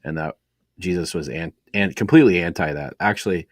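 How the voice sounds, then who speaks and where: Deep-voiced man in rambling podcast chat. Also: a little fast, no echo, clean studio sound. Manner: rambling, many fillers and restarts. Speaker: podcast co-host. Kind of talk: casual faith podcast talk.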